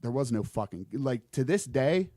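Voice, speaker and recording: In clean, dry studio sound, a young man speaks at normal speed and medium pitch while telling a creepy story from his own life as a podcast guest. His casual retelling is animated, rambling, and laced with swearing.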